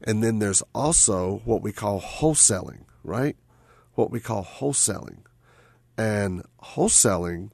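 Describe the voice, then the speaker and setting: A man's voice: on the low side, vocal fry, darkish tone, no echo. A man hosting a radio talk show, chatting casually and tagging his points with "right?" and repeated phrases.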